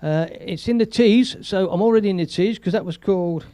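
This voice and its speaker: A man chats loosely on his live stream, laughing often and reading viewer messages aloud. His voice sits high for a man. The sound is dry and close, with no room around it. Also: fairly quick, warm tone, dry recording. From England. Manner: chatty, rambling, laughs often, reads viewer comments aloud. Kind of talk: casual live-stream chat.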